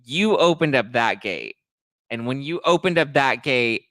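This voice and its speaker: A man hosts a relaxed live stream, dishing on a reality show and reading out viewer comments in a gossipy way. His voice sits at an ordinary middle pitch. The sound is close and dry. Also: a little slow, no echo. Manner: gossipy, quotes people in put-on voices. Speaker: host. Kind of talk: casual live-stream chat.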